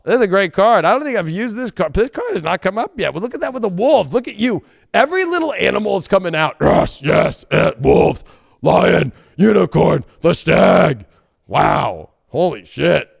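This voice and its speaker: A man giving a casual tarot reading, profane and joking, bursting into shouts and silly voices. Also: sits high, very animated, moderate pace, vocal fry, no echo, clean studio sound. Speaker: tarot reader.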